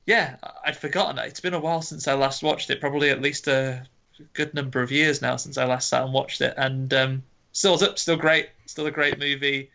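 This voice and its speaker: Bright-toned man in rambling chat. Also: medium pitch, steady tone, brisk, creaky, lo-fi sound. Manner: rambling, hesitant, lots of fillers. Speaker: podcast co-host. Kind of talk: casual chat.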